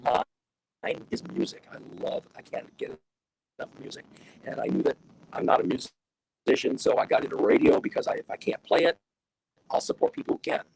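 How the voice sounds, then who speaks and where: A man's voice: a little fast, pauses often, a little mellow. An older man, a veteran radio broadcaster, telling stories enthusiastically over a video call that makes him sound robotic. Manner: enthusiastic, wide-ranging delivery. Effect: robotic digital distortion. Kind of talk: casual storytelling interview.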